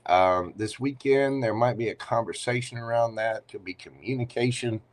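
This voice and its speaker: A man's voice: mid-range voice, moderate pace. A man reading tarot cards live for viewers in a chatty, playful manner with teasing asides. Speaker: tarot reader.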